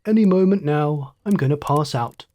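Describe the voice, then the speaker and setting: A man's voice: on the high side, normal speed, mellow, lightly acted. A man voicing a wounded young fighter pilot thinking aloud, in a light, musing inner monologue. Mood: faint dread.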